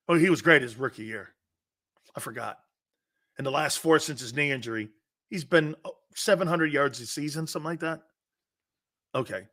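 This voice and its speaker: A man's voice: fairly high pitch, a bit bright. A middle-aged man hosting a sports talk show, chatting casually and reacting to viewer comments with frequent laughter and rambling asides.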